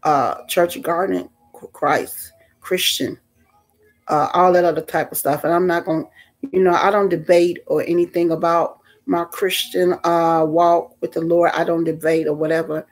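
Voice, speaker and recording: A woman's voice: fairly low pitch, steady tone, moderate pace. An older woman telling a personal story in a chatty, rambling way with many fillers. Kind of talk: casual storytime vlog.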